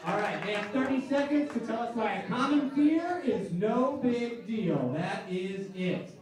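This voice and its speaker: A man with a fairly high voice hosts a live comedy game show, working the crowd in a loud, hyped way. He is picked up from a distance in an echoey club room, with a lively audience behind him. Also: measured pace. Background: audience laughing and cheering.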